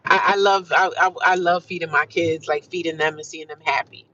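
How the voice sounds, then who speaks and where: A woman's voice: sits low, fairly even intonation, brisk, sharp tone, distant mic, muffled recording, slight background noise. A middle-aged woman chatting casually while driving, upbeat and full of affirmations, calling her viewers "honey" and "child.". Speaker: vlogger livestreaming from her car. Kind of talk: casual chat.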